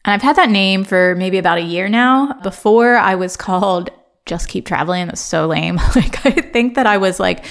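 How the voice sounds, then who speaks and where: A woman's voice: mid-range voice, normal speed, creaky. Chatty American woman podcast host. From Ohio, USA. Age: 30s. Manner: chatty, filler-heavy, laughs often. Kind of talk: casual solo podcast monologue.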